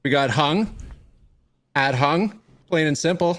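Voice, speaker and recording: A young man from Northern Ontario in Canada who hosts a casual podcast, upbeat and quick to laugh, repeating his catchphrases. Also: on the high side, lively intonation, crowd noise. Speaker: podcast host.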